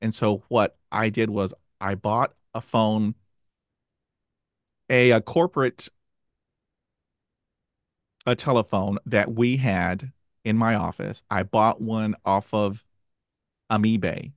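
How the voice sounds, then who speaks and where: Guy w a stutter, halting and earnest, lots of ums, dead dry mic. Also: lowish voice, fairly even intonation, dry recording. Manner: halting, earnest, many fillers. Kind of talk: casual chat.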